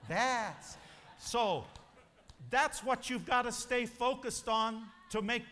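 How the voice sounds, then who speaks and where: Very high, pushed and bright, this man's voice moves slowly through an emphatic motivational speech. He tells a preacher-like story to a convention crowd, and the large hall adds long reverb.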